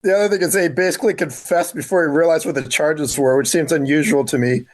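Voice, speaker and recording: A man's voice: a little high, quick pace. A man on a film podcast talking casually, asking curious questions and restarting with "I mean.".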